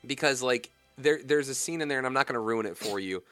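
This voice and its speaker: A man's voice: quick pace, no echo, faint music behind. A young adult man hosting a radio talk show, chatting casually and ranting with growing animation. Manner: animated, rants with rising pitch and volume. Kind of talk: casual chat. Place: radio studio.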